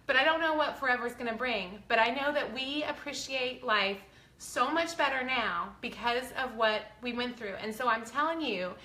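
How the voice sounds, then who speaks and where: A woman's voice: a little high, normal speed, pushed and bright, echoey room. A woman, talking earnestly and chattily to her viewers, close to tears, with a faith-filled manner. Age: 40s. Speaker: vlogger. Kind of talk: casual heartfelt talk to viewers.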